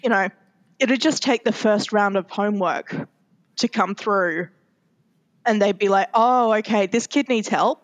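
Hesitant woman podcast host. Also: mid-range voice. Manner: thoughtful, hesitant, many pauses and fillers. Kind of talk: casual podcast chat.

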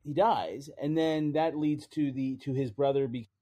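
A man with a mellow, mid-pitched voice explains comic book history in a casual way. He is a podcast co-host who adds trivia and often restarts his sentences. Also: a little slow.

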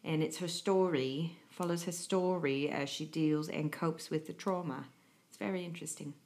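A woman in her thirties co-hosts a podcast with a lowish voice. She chats casually and teases her co-host often. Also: steady tone, normal speed, a little mellow. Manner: joking, teasing. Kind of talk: casual chat.

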